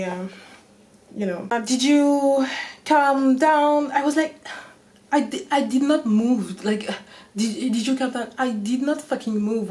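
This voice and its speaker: A woman with a French accent, a native French speaker, telling a story on her vlog in an animated way and swearing often. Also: fairly high pitch. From France. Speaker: vlogger.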